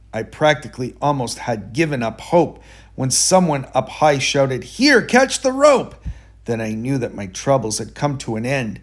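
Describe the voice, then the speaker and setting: A man reading a rhyming children's story aloud in a rhythmic, expressive way. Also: medium pitch.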